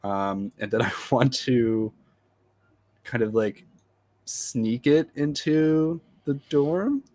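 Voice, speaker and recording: A man playing a tabletop game, speaking in a relaxed, halting way with many fillers. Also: mid-range voice. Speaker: player.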